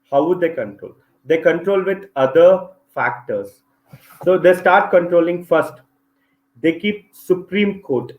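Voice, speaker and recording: A man's voice: high-pitched, highs cut off. Echoey Indian English male lecturer. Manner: repeats key phrases, checks understanding with "clear?". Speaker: civil services exam teacher. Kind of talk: online class lecture.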